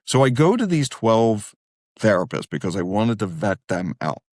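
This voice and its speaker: Man, low voice, dry close sound, animated storyteller, middle-aged, podcast guest. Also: normal speed, dry recording. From Wilmington, Delaware. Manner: animated, self-deprecating, jumps into quoted voices. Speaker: guest therapist. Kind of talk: casual storytelling in a podcast interview.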